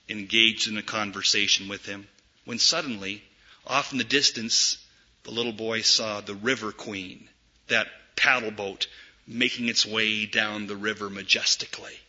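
Emphatic preacher, bright but husky, slow. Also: male voice, level tone. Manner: dramatic preaching, swings from loud emphatic peaks to hushed low asides. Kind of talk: sermon. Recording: dull lo-fi recording.

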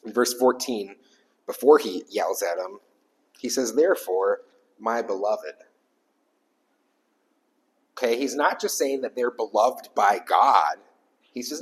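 A pastor preaching an emphatic sermon to a small congregation, repeating key lines for weight. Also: male voice, fairly low pitch, expressive, unhurried, pauses often, rough recording. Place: small church gathering.

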